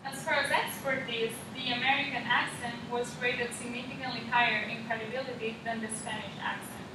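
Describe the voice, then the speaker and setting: A woman's voice: on the high side, steady tone, a little fast. A young woman, a student, practicing a class presentation and methodically reading out figures and lists. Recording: echoey room, mic far off, background noise.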